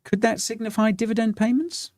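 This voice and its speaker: A man's voice: high voice, fairly even intonation, brisk, darkish tone, dry recording. Man, crypto show co-host, wry, rambling, dead-dry booth. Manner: rambling, wry, lots of fillers and restarts. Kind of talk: casual banter reading viewer comments.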